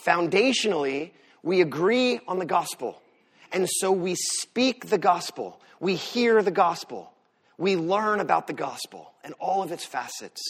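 A man preaching a sermon as pastor, swinging from loud emphatic lines to soft asides. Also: sits high, a little slow, husky. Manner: animated preaching, rises loud for emphasis then drops soft.

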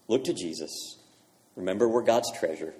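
A man preaching a sermon as pastor, swinging from loud, emphatic declarations to hushed phrase endings. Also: fairly low pitch, animated, moderate pace, in a large hall. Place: church sanctuary.

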